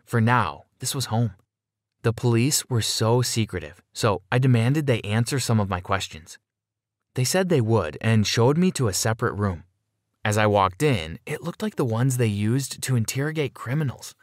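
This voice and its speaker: A man's voice: medium pitch, animated, moderate pace, no echo, clean studio sound. A man giving scripted first-person narration of a dramatic story in an earnest, dramatic storytelling manner.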